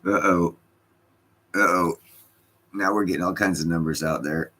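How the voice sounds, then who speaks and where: A man with an extremely low, husky voice talks casually to his viewers. His explanations ramble and halt, doubling back on themselves as he feels his way through. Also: steady tone, a bit bright. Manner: rambling, halting explanations with restarts.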